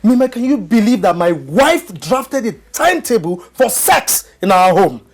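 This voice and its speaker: An actor playing an aggrieved jobless husband, loud and indignant, laughing in disbelief. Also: male voice, high voice, big pitch swings, a little slow, full character voice. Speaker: husband in a staged marital dispute.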